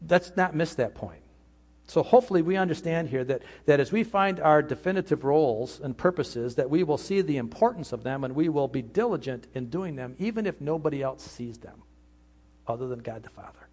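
Husky-voiced pastor guy preaching, earnest, acts out little voices. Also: fairly high pitch, animated, brisk, a little mellow. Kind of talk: sermon.

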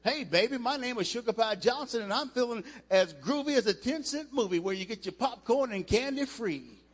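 A man voicing a smooth, groovy, jive-talking charmer in a loud, playful sing-song, in an echoey hall. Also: extremely high pitch, expressive, a little fast, pitched above the performer's own voice.

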